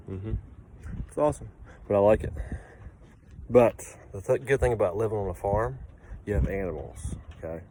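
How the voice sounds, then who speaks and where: A man's voice: on the low side, darkish tone. A man talking casually to the camera, chatty and a bit playfully dramatic, recorded outdoors on a snowy farm on a handheld phone. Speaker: vlogger. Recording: wind noise outdoors.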